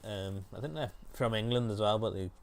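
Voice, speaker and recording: A man hosting a relaxed music chat show, talking loosely and hesitantly with lots of fillers. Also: fairly low pitch, fairly quick, creaky, slight background noise.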